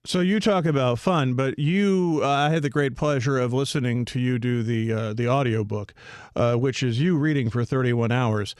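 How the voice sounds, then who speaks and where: A man's voice: mid-range voice, moderate pace, darkish tone, clean tone, dry recording, studio quality. A man hosting a radio book show, asking long, winding questions with restarts. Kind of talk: radio interview. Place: radio studio.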